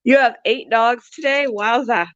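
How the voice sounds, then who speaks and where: A woman's voice: fairly high pitch, unhurried, dry recording. A woman hosting a casual pet vlog, chatty and laughing often as she walks around her animal cages at home. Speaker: pet channel host. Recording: dull lo-fi, dry sound.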